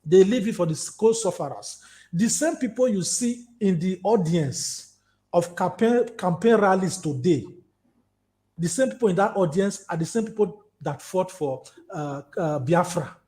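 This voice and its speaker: A Nigerian man in his fifties with a Nigerian accent, an activist talking in an animated, storytelling way in an interview. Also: high-pitched, unhurried. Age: 50s. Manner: animated, storytelling, repetitive emphasis. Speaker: activist guest. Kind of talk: conversational interview.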